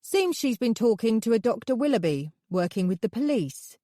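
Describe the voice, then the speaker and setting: A woman's voice: a little high, very animated, moderate pace, warm tone, no room sound, studio quality, voice pushed up. A woman voicing a cold, detached male police officer who speaks in a clipped, patronizing, matter-of-fact way.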